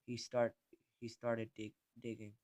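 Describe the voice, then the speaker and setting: A man narrating a creepypasta, reading haltingly with frequent stumbles and restarts. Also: medium pitch, completely flat delivery, a little mellow.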